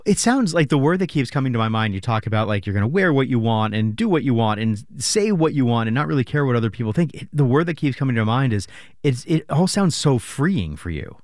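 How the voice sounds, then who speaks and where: A man's voice: medium pitch, very animated, fast, a little mellow, no echo, clean studio sound. A man hosting an interview, asking attentive follow-up questions. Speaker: interviewer host.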